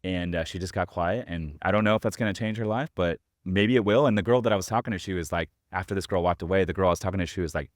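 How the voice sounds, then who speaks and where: A man's voice: deep voice, fast, hardly any pauses, no echo, studio quality. A man hosting a podcast, telling a story in a rambling way with lots of fillers. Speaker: podcast host. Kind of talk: casual interview conversation.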